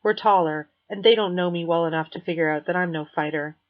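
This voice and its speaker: Low-voiced woman reading an audiobook. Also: fast talker. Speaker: audiobook narrator. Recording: dull lo-fi recording.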